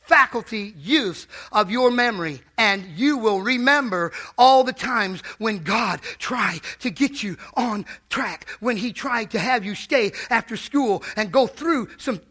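High, bright, fervent male preacher. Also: expressive, unhurried, few pauses. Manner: fervent, calls out to the congregation. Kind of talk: sermon. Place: church.

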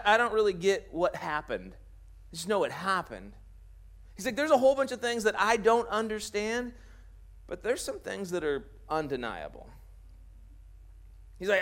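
Male pastor, high voice, wide swings in pitch, acts out the characters' lines, jokey sermon delivery. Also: fairly bright tone. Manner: jokey, laughs at his own jokes.

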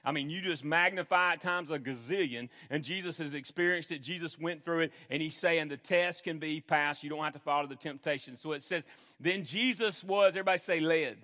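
A pastor preaches to his congregation in an earnest, emphatic way, circling back over phrases to drive them home. He is a man with a high, ringing voice. His words trail off into the long reverb of a large hall. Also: fairly quick, hardly any pauses, pushed and bright. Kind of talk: sermon.

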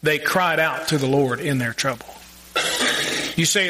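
A man preaching a sermon, earnest and conversational, with emphatic pauses and direct questions to the congregation. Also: fairly high pitch, pushed and bright, poor audio. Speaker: pastor.

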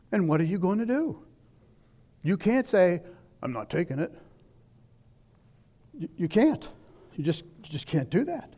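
An older man preaching a sermon, swinging between loud declaiming and hushed asides. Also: high-pitched.

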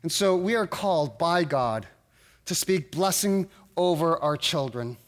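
A middle-aged male pastor preaching a sermon in an earnest, halting way, often restarting his sentences. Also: fairly high pitch, lively intonation.

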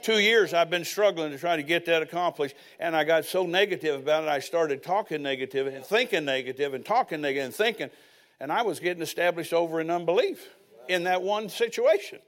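A man's voice: a little high, brisk, fairly bright tone. An older man preaching a sermon as pastor, telling personal stories with folksy asides.

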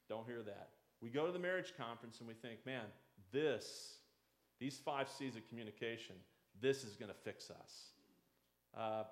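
Pastor preaching in an echoey room. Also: male voice, mid-range voice. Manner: conversational preaching, acting out inner voices. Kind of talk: sermon.

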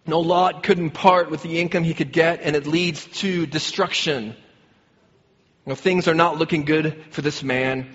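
A middle-aged man preaching a sermon, telling a personal story earnestly and getting animated when he quotes people. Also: fairly high pitch, normal speed, slightly rough. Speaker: pastor. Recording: dull sound with long hall reverb.

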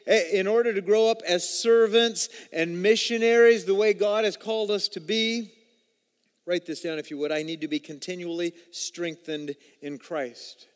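A man with a high voice delivers a sermon from the pulpit. His preaching is energetic, rising loud and dropping low for emphasis. The voice rings out with long reverb across a large church hall. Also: moderate pace, clean tone. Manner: energetic preaching with dramatic pitch swings. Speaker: pastor.

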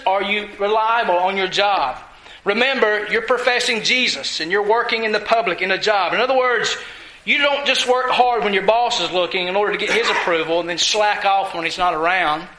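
Man, preacher, sermon, earnest, emphatic, forceful tone, echoey church. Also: sits high. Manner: earnest, emphatic, asks the congregation direct questions.

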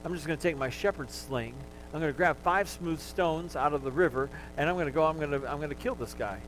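A man's voice: fairly high pitch, fast talker, a bit bright, a little hiss or hum, natural voice, low-quality recording. A man voicing a brave teenage shepherd boy who is eager to fight, speaking in an insistent, fired-up way. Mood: determined.

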